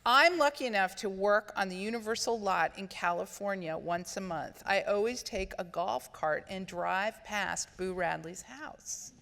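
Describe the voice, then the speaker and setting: A woman's voice: medium pitch, unhurried, gravelly, hardly any pauses, fairly bright tone. Woman interviewer in an echoing hall. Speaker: interviewer, documentary director. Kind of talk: onstage interview, reading audience questions. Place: large auditorium, live event. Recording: live hall with long reverb.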